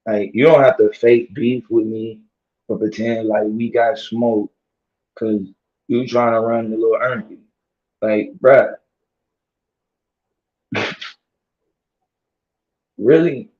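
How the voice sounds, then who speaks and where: A man ranting casually to his audience in heavy slang, laughing and repeating himself, his voice strained from yelling. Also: lowish voice, steady tone, slow, long pauses, roomy sound. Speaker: vlogger. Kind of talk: casual rant to camera. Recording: dull lo-fi audio.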